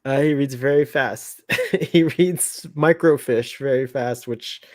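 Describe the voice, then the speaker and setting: A man's voice: medium pitch, slow, a little mellow, no room sound, studio quality. A man co-hosting a casual fan commentary, chatty, laughing often and rambling off into asides. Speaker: podcast co-host.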